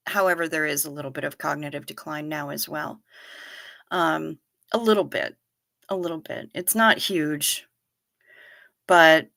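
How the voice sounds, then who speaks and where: A middle-aged woman hosts a casual livestream, telling stories straight to her viewers. Her voice sits fairly low but carries a forceful, tense edge. The sound is close and dry. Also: creaky, no room sound. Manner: animated storyteller, talks straight to viewers. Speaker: livestream host. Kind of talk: casual chat reading viewer comments.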